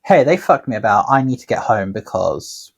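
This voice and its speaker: A man's voice: on the low side, expressive, moderate pace, vocal fry, husky. A man, a tattooer co-hosting a podcast, telling long rambling anecdotes in casual chat with plenty of swearing.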